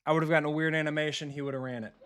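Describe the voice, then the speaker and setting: A man's voice: on the high side, little pitch movement, rapid-fire, fairly bright tone, clear, resonant tone. A man giving casual live commentary while playing a football video game, swearing freely and answering his viewers. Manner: casual, profane, chatty with viewers. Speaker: streamer and football coach.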